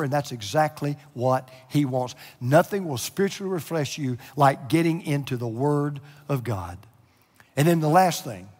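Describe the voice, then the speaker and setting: A middle-aged male pastor preaching a sermon, moving between hushed, near-whispered lines and loud, emotional passages. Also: a little high, slightly rough. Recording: echoey hall with long reverb.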